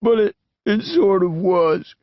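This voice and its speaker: A man's voice: lively intonation, slow pace, no echo, highs cut off. Man doing a sobbing terrified teen boy. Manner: high, crying, breaking voice.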